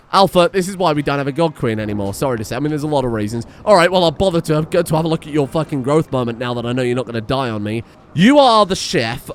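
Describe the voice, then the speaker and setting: A man's voice: mid-range voice, slight background noise. A young man commentating a game, ranting at his characters in an exasperated, sarcastic, sweary way. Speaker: gaming streamer. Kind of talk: let's play commentary.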